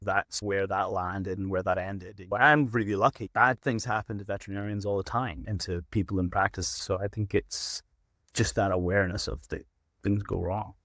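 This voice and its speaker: A middle-aged man with a low voice tells workplace stories in a relaxed interview. Now and then he slips into a firm, stern tone as he replays what he said to difficult clients. The sound is dry and close, with no room around it. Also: moderate pace, dry recording. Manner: acts out his own stern warnings to clients. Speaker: veterinary practice manager, guest. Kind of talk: casual storytelling interview.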